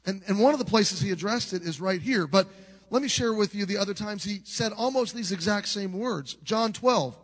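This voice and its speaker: A man's voice: sits high, moderate pace. A middle-aged man preaching a sermon as a pastor, telling a story in an earnest, conversational way with frequent restarts. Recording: long reverb of a large hall.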